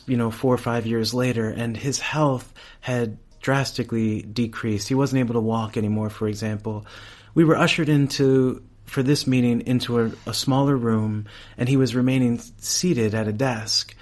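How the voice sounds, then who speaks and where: A middle-aged man, a priest, telling a personal story in a casual interview, animated and laughing often. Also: medium pitch. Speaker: priest and campus chaplain, guest.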